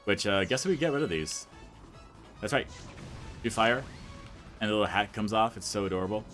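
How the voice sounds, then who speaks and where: A man's voice: fairly low pitch, moderate pace, a bit bright. A young man casually commenting on his own gameplay as a let's play host, rambling and stuffing his sentences with "like". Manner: rambling, fills every sentence with "like". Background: faint game music.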